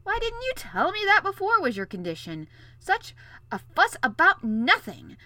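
A woman's voice: medium pitch, lively intonation, fairly quick, no room sound. A woman voicing a hot-tempered old king who bellows and blusters. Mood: gruff. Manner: blustering, shouting.

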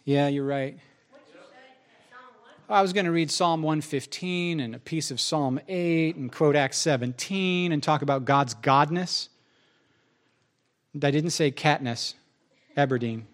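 A man's voice: a little high, measured pace, long pauses. A man pastor preaching in a conversational way, acting out both sides of remembered dialogues. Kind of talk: sermon.

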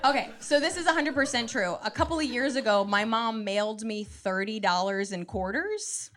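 Woman comic in her thirties, animated stand-up delivery, slightly high voice. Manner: animated, jumps into quoted voices, quick asides. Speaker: stand-up comedian. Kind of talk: stand-up comedy set. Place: comedy club stage with audience laughter.

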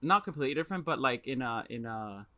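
Bright-voiced young man chatting casually. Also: mid-range voice, quick pace, no room sound. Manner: animated, stammers and restarts, mimics lines in quotes. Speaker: podcast co-host or guest. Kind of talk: casual chat.

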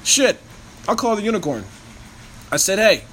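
A young man hosting a casual podcast, joking loudly, swearing a lot and laughing often. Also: a little high, expressive, fairly quick, a little hiss or hum, poor audio. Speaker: podcast host. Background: music playing.

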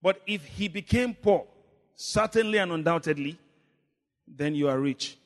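A man preaching a sermon, leading the congregation in call and response, swinging between shouts and low murmurs. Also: big-room sound. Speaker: pastor.

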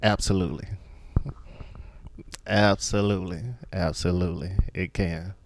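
A man's voice: deep voice, measured pace, no echo. A man talking casually about a movie he loves, laughing often and acting out favorite lines. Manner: animated, laughs often, acts out quotes. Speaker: guest.

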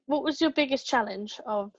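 A woman's voice: high-pitched, moderate pace, husky, lo-fi sound. A woman hosting a podcast, asking brief, friendly questions and backing the guest with short murmurs. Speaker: podcast host. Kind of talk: interview questions.

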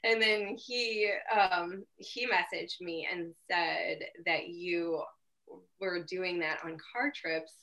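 Brief: woman guest, bright, crisp tone, chatty and laughing. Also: on the low side, fairly even intonation, slow, rough recording. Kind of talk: casual podcast chat.

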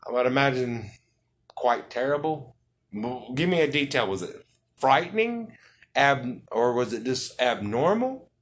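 A man's voice: medium pitch, lively intonation, measured pace, fairly bright tone, slight background noise. A man hosting a podcast interview, joking, rambling and swearing freely. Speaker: podcast host. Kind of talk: casual interview chat.

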